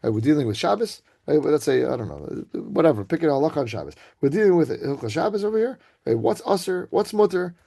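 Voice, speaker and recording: A man giving an informal Torah talk to students over a video call, chatty and conversational, often checking in with a quick "right?". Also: a little high, big pitch swings, creaky, warm tone. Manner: casual, conversational, keeps asking "right?".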